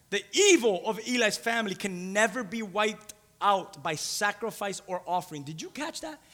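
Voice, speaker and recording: Male preacher, bright punchy voice, repeats lines, echoey hall. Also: high voice, expressive, normal speed, few pauses. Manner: emphatic, repeats for stress. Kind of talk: sermon. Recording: long hall reverb.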